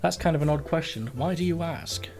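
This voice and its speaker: A man's voice: a little high, brisk, over music, close to an everyday voice. Kale, a man reading as a kind cat candidate. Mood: earnest. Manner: reads cat meows flatly into his lines. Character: friendly male cat running for president, kind and earnest. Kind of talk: reading a text game aloud.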